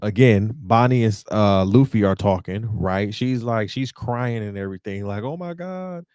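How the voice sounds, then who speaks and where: A man hosting a podcast, giving an animated, slangy recap of a manga chapter. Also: fairly low pitch, moderate pace, clear, resonant tone, dry recording, clean studio sound. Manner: animated, slangy, repeats "you feel what I'm saying". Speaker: podcast host.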